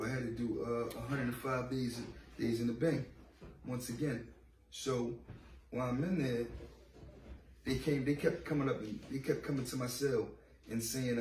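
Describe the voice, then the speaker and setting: A man's voice: medium pitch, fairly even intonation, moderate pace, darkish tone, recorded from a distance, a little hiss or hum. A man in his late thirties, a podcast interview guest, telling his story in blunt, profane street talk and acting out the voices of others. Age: 30s. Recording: roomy echo, off-mic, faint ambience.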